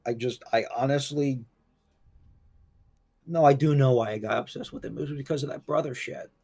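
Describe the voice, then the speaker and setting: A man talking on a voice call through tears. He stammers and restarts often, his words halting and unsteady. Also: medium pitch, creaky, darkish tone, slightly rough. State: crying. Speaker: call participant. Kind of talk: emotional voice call.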